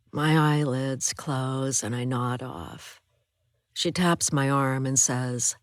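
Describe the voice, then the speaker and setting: A woman narrating an audiobook thriller in a low voice and an unhurried, measured manner. It is recorded close on a studio mic, dry and clean, with no room sound. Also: no room sound. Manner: measured, even storytelling. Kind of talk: scripted first-person narration.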